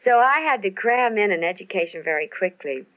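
A woman talks through a radio interview in a loose, chatty way, laughing often and trailing off into fillers. Her pitch sits in the middle of the range. The recording has the thin, tinny sound of an old broadcast. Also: animated, a little fast. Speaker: entertainer guest.

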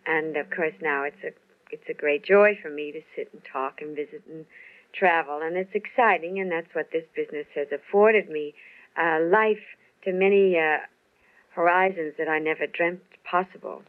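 A woman's voice: deep voice, moderate pace. Woman entertainer rambling and laughing in an interview, tinny old radio sound. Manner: chatty, laughing, rambling with fillers. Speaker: entertainer guest.

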